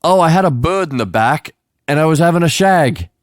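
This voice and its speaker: A pompous, rich British man, put on by a man with a deliberately bad, overdone British accent. He pitches up high and booms a little. The dry, close sound carries no room. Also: lively intonation, no echo, natural voice. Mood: posh bluster. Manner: over-the-top, posh.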